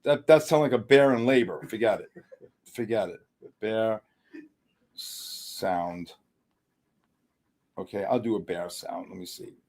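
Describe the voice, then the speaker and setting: A middle-aged man hosting a live futures trading stream, with excitable commentary, loud outbursts and joking exasperation. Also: fairly low pitch, a little slow, long pauses.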